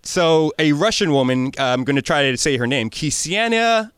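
A man hosts a radio show and lightly sets up each topic, stumbling and laughing now and then. His voice is a bit high. He is on a dry, close studio mic. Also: expressive, normal speed, a bit bright, smooth, no room sound. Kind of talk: casual sports-radio banter.

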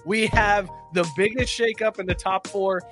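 A man's voice: high voice, steady tone, normal speed. A man hosting a sports podcast, reading out a ranked list in a casual, upbeat way. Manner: reads rankings off a list, upbeat. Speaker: podcast host. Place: podcast studio. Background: music playing.

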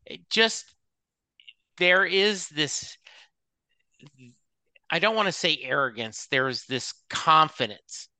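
A man's voice: a little high, slow, long pauses, smooth, dry recording. A man co-hosting a podcast, chatting casually and reading song lyrics aloud. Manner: relaxed, reads lyrics aloud and acts out anecdotes. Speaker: podcast co-host.

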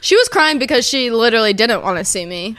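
A woman's voice: fairly high pitch, expressive, brisk, a bit bright, no echo. A woman in her early twenties hosting a casual vlog, gushing and chatty, with a lot of "like" in her storytelling. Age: early 20s. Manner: bubbly, gushing, says like a lot. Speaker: host.

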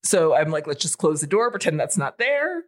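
A woman in her forties telling a story in casual podcast chat, animated and swearing freely. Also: low voice, moderate pace. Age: 40s. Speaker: podcast co-host.

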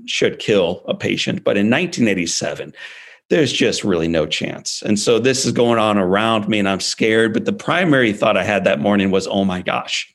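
A man in his forties with a gravelly, fairly low voice, telling a personal story in an interview. He talks in an emphatic, animated way and leans hard on key words. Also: moderate pace. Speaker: guest speaker.

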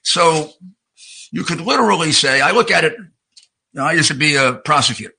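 A man who was once a prosecutor and a mayor, speaking earnestly and with emphasis. His voice is gravelly and husky, with a very bright, sharp edge. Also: on the high side, lively intonation, brisk, low-quality recording. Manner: earnest and emphatic, with some restarts. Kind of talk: interview answer.

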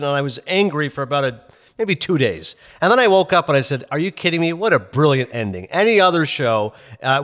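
A man co-hosting a sports podcast, reading listener mail and telling stories in an animated, emphatic way. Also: on the high side. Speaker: podcast co-host. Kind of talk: casual sports talk.

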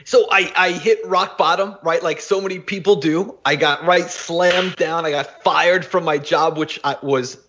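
An energetic man from Florida, a podcast guest, telling his story with lots of laughs and animated bursts. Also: on the high side, measured pace, few pauses, noisy background. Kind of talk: energetic casual chat. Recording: dull lo-fi sound.

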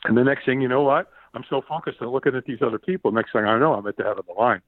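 A man telling an animated story as a podcast guest, often repeating words and acting out the shouts he quotes. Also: medium pitch, racing, no echo. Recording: tinny phone-like line, dry.

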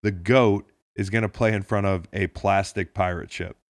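A man's voice: sits low, fairly even intonation, normal speed, no echo, studio quality. A man co-hosting a casual sports podcast, talking in a jokey, profane, rambling way with lots of restarts. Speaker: podcast co-host.

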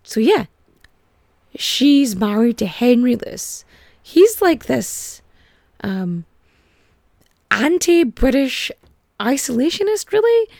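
A woman's voice: high-pitched, big pitch swings, takes it slowly, creaky, long pauses, darkish tone, no echo, clean studio sound. A woman hosting a casual comic history podcast, chatty and irreverent, with frequent swearing and filler words. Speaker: podcast host.

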